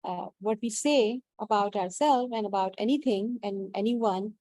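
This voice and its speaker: A woman in a group discussion, sharing her view earnestly and haltingly, with frequent restarts. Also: medium pitch, warm tone, no echo.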